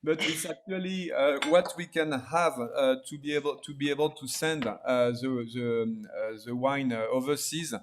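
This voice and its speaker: A man hosting an online wine tasting over a video call, halting and full of fillers. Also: medium pitch, slight background noise. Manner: halting, many fillers and restarts. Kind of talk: hesitant live presentation.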